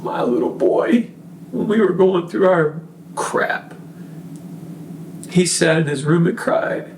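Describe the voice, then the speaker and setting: A man's voice: on the high side, takes it slowly, reverberant, recorded from a distance, slight background noise, rough recording. A man, a podcast guest, giving an earnest, preachy faith testimony full of fillers and restarts. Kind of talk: casual testimony.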